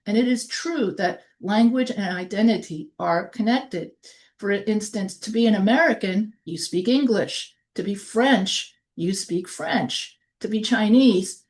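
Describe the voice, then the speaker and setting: In a recorded online lecture, a woman who teaches college speaks with a New York accent in a mid-range, darkish voice. She partly reads from notes and explains in short phrases.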